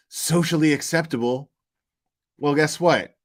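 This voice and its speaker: A man's voice: on the high side, expressive, normal speed. A man hosting a commentary channel, talking casually and profanely, rambling and answering his chat.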